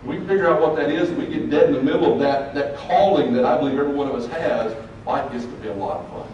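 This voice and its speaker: Earnest motivational speaker in an echoey hall. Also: male voice, mid-range voice, quick pace, darkish tone, lo-fi sound. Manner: earnest, folksy, addresses audience directly. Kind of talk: motivational speech to students. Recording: very echoey, distant mic, faint noise.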